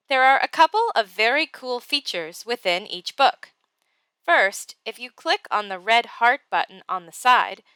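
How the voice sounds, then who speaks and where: Brief: patient woman teacher, bright, clear voice, dry close sound, guiding a class step by step. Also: a little high, dry recording. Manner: slow, patient step-by-step explaining. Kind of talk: classroom tutorial and read-aloud.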